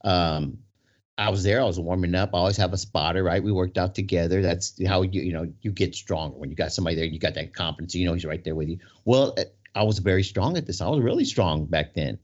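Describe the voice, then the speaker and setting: Male storyteller with a low voice, loose and rambling, heard on dull lo-fi audio. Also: fast. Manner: rambling, full of "right?" and restarts. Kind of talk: casual storytelling in conversation. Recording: dull lo-fi sound.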